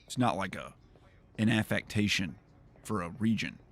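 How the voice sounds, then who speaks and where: A low-voiced man riffing over his gameplay, his pitch bouncing all over as he jokes. He rambles, repeats himself and laughs at his own gags. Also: expressive, moderate pace, a bit bright. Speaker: gaming streamer. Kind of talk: casual gameplay commentary.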